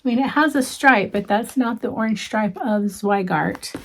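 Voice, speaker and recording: A woman chatting casually to her viewers as she shows off stitching gifts, gushing warmly and dropping into soft asides with frequent ums. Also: on the high side, normal speed, a little hiss or hum. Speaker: cross-stitch vlogger. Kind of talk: casual show-and-tell chat.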